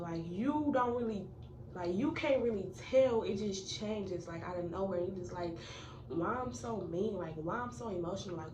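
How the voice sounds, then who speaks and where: Young woman, casual storytime vlog, filler-heavy chatter, echoey room, distant noisy mic. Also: medium pitch. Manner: chatty, filler-heavy, addresses viewers as y'all. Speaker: vlogger.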